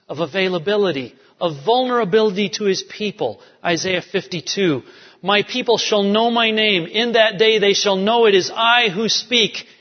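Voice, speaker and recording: A man with a high voice preaches a sermon, swinging between emphatic lines and sudden near-whispers. His voice carries a long reverb, as in a large church sanctuary, and the sound is a little dull. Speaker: pastor.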